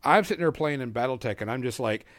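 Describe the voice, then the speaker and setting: A man's voice: mid-range voice, lively intonation, fast, a bit bright, dry recording, clean studio sound. A man co-hosting a podcast, chatting casually and swearing as he tells game stories full of quoted dialogue. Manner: swearing, storytelling with acted-out quotes. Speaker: podcast co-host. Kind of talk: casual chat.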